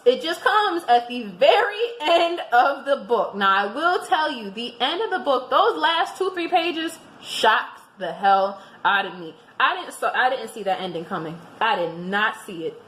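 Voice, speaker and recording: A woman giving a casual book review on her vlog, chatty and expressive, often restarting her sentences. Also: high voice, slight background noise. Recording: roomy echoing room.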